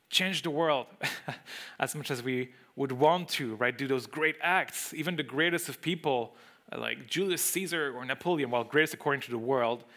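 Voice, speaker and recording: A man's voice: medium pitch, pushed and bright. A man speaking English as a second language, preaching an expository sermon to a room, emphatic and full of rhetorical questions. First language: not English. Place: room with a congregation.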